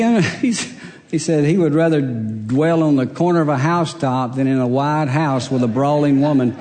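A man's voice: fairly high pitch, darkish tone. A man preaching a humorous sermon, a folksy storyteller who laughs along with his own jokes. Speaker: pastor. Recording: long hall reverb.

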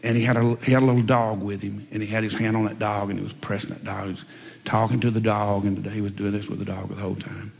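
A man preaching a sermon, telling folksy stories and swinging between loud emphatic lines and quiet asides. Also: fairly low pitch, little pitch movement, quick pace, vocal fry. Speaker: pastor. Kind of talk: sermon with storytelling. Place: church sanctuary. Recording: long reverb in a large hall.

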